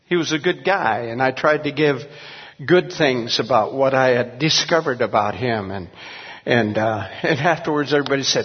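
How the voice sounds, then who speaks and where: Man, older, pastor, earnest, halting, husky, dull recording, long reverb. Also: mid-range voice. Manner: earnest, halting, many restarts. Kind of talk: testimony in an interview.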